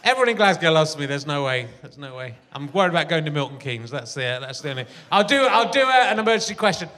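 A man's voice: a little high, sing-song, quick pace, pushed and bright. A man hosting a live comedy podcast on a theatre stage, rambling and self-deprecating, laughing often. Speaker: podcast host.

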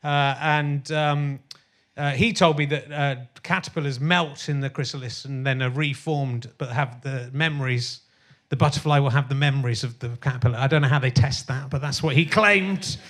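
A man's voice: medium pitch, moderate pace, a bit bright. A middle-aged man hosting a comedy podcast live on a theatre stage, rambling and sardonic with crude asides and lots of fillers. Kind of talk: live stand-up style podcast chat.

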